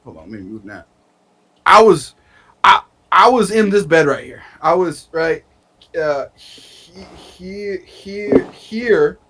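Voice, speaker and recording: A man's voice: high-pitched, slow. A young American man co-hosting a podcast, rambling and swearing in casual chat from his bedroom. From United States. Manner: excitable, rambling, swears a lot. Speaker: podcast co-host.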